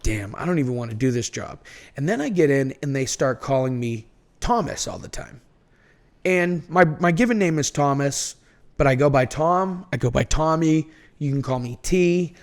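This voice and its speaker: A man with a Boston accent, a podcast guest telling stories in an animated, laughing way. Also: on the high side. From North Shore of Massachusetts. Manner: animated storyteller, laughs easily. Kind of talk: casual chat.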